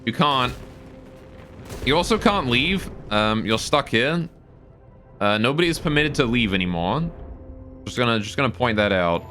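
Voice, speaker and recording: A man's voice: medium pitch, sing-song, normal speed, long pauses, pushed and bright, faint music behind. A man live-streaming a game, thinking aloud about his build and answering his chat.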